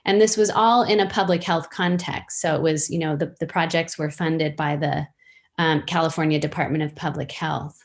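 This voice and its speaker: A woman in her fifties, a guest on a podcast interview, talking casually and thoughtfully about her work, often pausing with fillers and restarting sentences. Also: low voice, fairly even intonation. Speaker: interview guest, storytelling practitioner.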